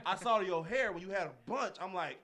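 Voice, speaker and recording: Young guy, talks fast and lively, kinda high voice, acts out the quotes. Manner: animated storytelling with acted-out quotes and frequent laughter. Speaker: podcast co-host. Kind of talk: casual chat.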